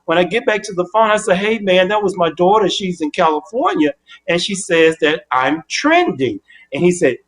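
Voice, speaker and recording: An older man as the interview guest, telling an animated story and acting out both sides of his phone calls. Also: high voice, normal speed.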